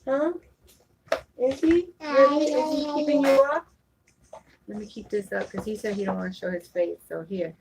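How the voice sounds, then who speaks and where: Speaking fairly quickly in a gravelly, medium-pitched voice, a mother vlogs casually from home, coaxing her baby and talking to viewers. The clip is very noisy.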